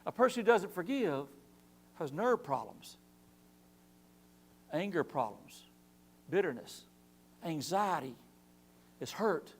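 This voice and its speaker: Lively high-voiced man teaching Bible class. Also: takes it slowly, pauses often, slight background noise. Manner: animated preaching with rhetorical questions and acted-out quotes. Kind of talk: church Bible class lesson. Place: church.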